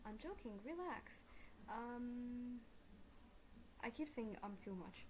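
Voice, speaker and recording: A young woman chatting through a live game stream, rambling and self-mocking with plenty of fillers. Her voice sits fairly high. A faint noise runs underneath. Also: takes it slowly, mellow.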